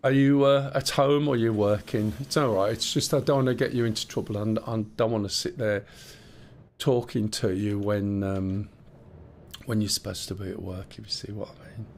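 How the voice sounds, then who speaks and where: Slight background noise sits under a man's low-ish, steady, slightly mellow voice at normal speed. He's live-streaming a game, chatting loosely, explaining things, rambling and swearing a little.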